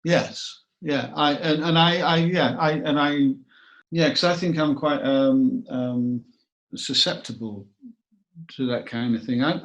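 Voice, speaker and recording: Gravelly-voiced man, rambling and self-deprecating. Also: mid-range voice. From northern England. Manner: rambling, self-deprecating, repeats words often. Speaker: actor guest. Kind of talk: casual interview chat. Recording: dull lo-fi recording.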